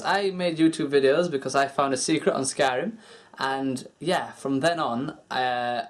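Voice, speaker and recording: A man's voice: medium pitch, measured pace. A young man vlogging in a rambling, chatty way, answering viewer questions and swearing casually.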